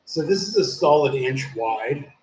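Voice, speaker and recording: A young man with a medium-pitched, slightly mellow voice talks in an animated but somewhat slow way, with a faint hiss or hum in the background. He's a live streamer rambling through a long story in an echoey room, swearing heavily and saying "dude" all the time.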